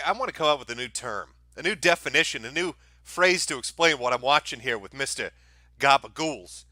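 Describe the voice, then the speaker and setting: A man hosts a commentary show, reacting to video clips with profane sarcasm. His voice is very bright and cutting. The recording is close and dry. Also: mid-range voice, no room sound. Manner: mocking, profane, mimics people in sneering voices.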